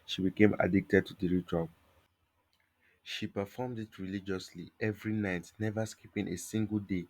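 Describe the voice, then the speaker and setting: Deep-voiced male folktale storyteller. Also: steady tone, moderate pace, darkish tone. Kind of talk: scripted folktale narration.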